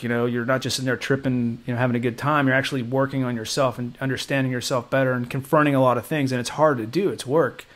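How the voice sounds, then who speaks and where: A man co-hosting a podcast from his home, telling a personal story in a rambling, animated way with many restarts. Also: medium pitch. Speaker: podcast co-host. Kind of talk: casual chat, storytelling.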